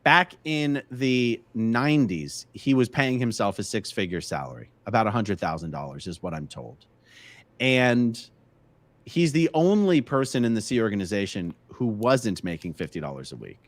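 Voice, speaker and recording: A man's voice: on the low side, big pitch swings, normal speed, dry recording. A man hosting a casual live stream, chatting and answering viewer questions from the chat. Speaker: livestream host.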